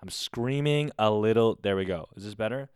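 A man hosting his own podcast alone, chatting casually in a rambling, excitable way with a lot of swearing. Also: on the low side, a little fast, clean tone, no room sound, studio quality. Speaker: podcast host. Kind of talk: casual solo podcast chat. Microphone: close studio mic on camera.

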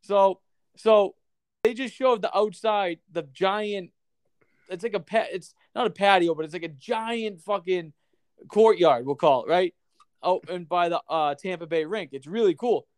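Excitable, foul-mouthed sports podcast host. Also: male voice, high-pitched, a little slow, clear, resonant tone, dry recording, clean studio sound. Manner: profane, excitable banter. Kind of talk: casual sports chat.

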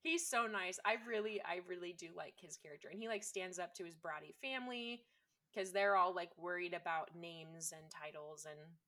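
A woman's voice: lowish voice, moderate pace, bright, forceful tone. A woman chatting casually and enthusiastically, with lots of fillers. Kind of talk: casual chat.

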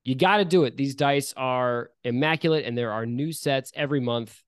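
Upbeat guy hosting a game podcast, middle pitch, cracks jokes at himself. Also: moderate pace, clear, resonant tone, dry recording, clean studio sound. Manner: upbeat, jokey and self-deprecating. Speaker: podcast host and game master. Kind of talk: casual podcast chat and ad reads.

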